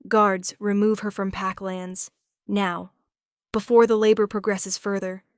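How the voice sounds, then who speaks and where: A man's voice: high-pitched, flat delivery, a little slow, clean tone, no room sound, studio quality. A woman voicing a cold, ruthless male pack elder who gives clipped commands.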